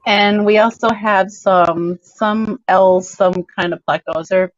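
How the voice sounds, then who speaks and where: A woman's voice: medium pitch, steady tone, slow pace, no echo, highs cut off. Chatty woman with a slight New York accent. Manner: chatty, laughs often. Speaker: host. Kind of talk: casual group chat.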